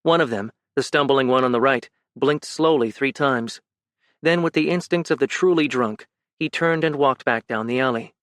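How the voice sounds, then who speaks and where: A man reading fantasy fiction as an audiobook narrator, measured and even. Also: medium pitch, no echo, clean studio sound.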